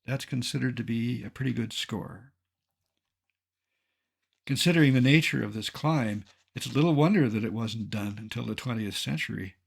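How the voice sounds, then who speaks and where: An older man tells his climbing story over a slideshow, his voice gravelly with a husky edge. He keeps a mid-range pitch and reads from a script. His humor is dry and deadpan. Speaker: mountaineer narrating a slideshow. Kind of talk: scripted narration.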